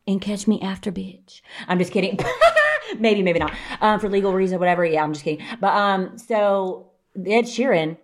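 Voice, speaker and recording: Young woman, animated podcast chat. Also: medium pitch, normal speed. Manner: animated storytelling, swearing, acts out quotes. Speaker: podcast co-host. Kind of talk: casual chat.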